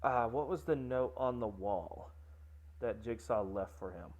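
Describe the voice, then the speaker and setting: A man's voice: medium pitch, a little mellow. Give me a male podcast co-host with a mid-range voice, casually recapping a movie and trailing into asides. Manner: rambling, filler-heavy, quick to laugh. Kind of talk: casual chat recapping a film.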